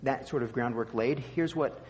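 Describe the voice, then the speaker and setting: A man's voice: medium pitch, moderate pace, a little mellow, long reverb tail. A man preaching a sermon, teaching with emphatic repetition and dry asides. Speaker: pastor.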